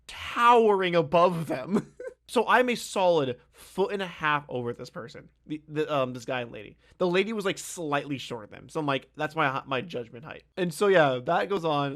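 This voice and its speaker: Bright-voiced young man telling a story. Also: a little high, normal speed. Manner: animated, laughing, swearing. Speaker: streamer. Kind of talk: casual storytelling.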